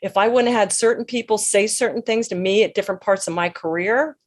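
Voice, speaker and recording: A woman's voice: medium pitch, fairly quick. Emphatic woman guest full of sayings. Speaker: guest, leadership speaker. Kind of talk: conversational interview.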